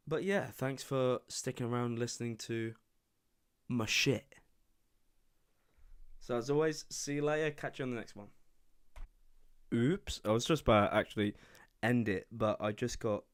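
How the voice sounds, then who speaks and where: A young man from England hosting his own podcast alone, chatting casually and rambling from topic to topic. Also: mid-range voice. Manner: rambling, chatty, self-deprecating. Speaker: podcast host. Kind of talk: casual solo podcast chat.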